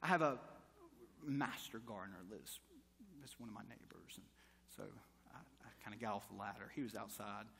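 A man's voice: fairly low pitch, moderate pace, vocal fry, pushed and bright, a little hiss or hum. A man in his thirties preaching a sermon as pastor, telling stories and building to emphatic appeals. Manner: storytelling with acted quotes, rising to emphatic preaching. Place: church sanctuary. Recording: long church reverb.

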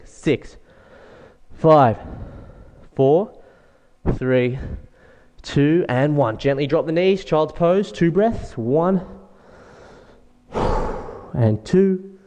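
A fitness instructor with a slightly high voice counts reps and cheers people on while he works out alongside them. He is out of breath, and a long reverb trails each word. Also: darkish tone. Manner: encouraging, counts reps aloud while exercising. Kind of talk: workout coaching.

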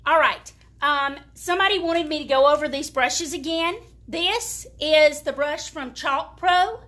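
A measured pace and a high, slightly bright voice mark this woman's delivery. She has a Southern US accent, is from the American South, and chats in a folksy way to viewers while demonstrating furniture painting live.

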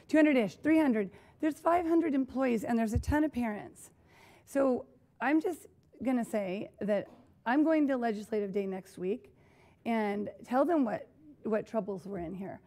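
A woman's voice: on the high side, measured pace, warm tone. Emotional woman board member. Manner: earnest, emotional, fighting back tears. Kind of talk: emotional report at a public board meeting. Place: school board meeting room.

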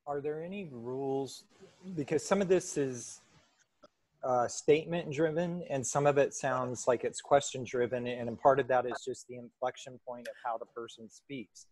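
A man, a student in an online class, asking a question in a halting, thoughtful way. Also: mid-range voice, darkish tone, no room sound.

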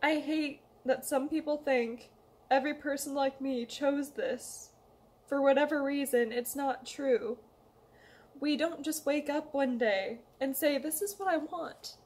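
High-voiced young woman, emotional and halting, reading a heartfelt letter aloud to her loved ones. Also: steady tone, a little mellow. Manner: emotional, hesitant, pleading, reads a letter aloud. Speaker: vlogger. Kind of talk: emotional personal confession.

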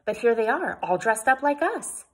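A woman reading aloud and voicing a genteel, cheerful pioneer lady who speaks formally and politely, with a breathy voice. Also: fairly high pitch, sing-song, normal speed, voice pushed up. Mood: gracious.

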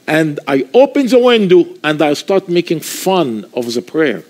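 A man's voice: on the high side, big pitch swings, a little slow, few pauses, a little mellow. A man from Egypt with an Egyptian accent, giving his testimony as a passionate preacher in non-native English, telling his story dramatically. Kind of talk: testimony sermon.

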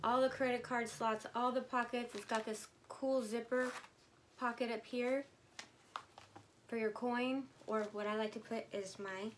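Gushing woman vlogger, slightly high voice. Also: unhurried, a little hiss or hum. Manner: gushing and excitable, addressing viewers directly. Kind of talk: casual unboxing video.

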